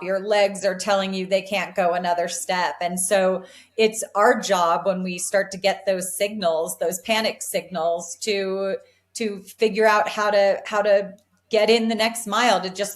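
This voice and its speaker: A woman in her forties, an elite distance runner, giving earnest, upbeat answers in an interview, often restarting her sentences. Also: medium pitch. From United States. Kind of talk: reflective interview talk.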